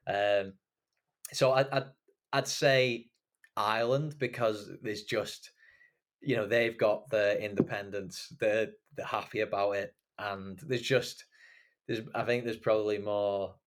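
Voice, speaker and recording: A man from Wigan, a podcast host telling stories in a relaxed, casual way with lots of fillers. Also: fairly low pitch, normal speed. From England, Wigan. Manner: relaxed storytelling with frequent fillers. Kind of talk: casual chat.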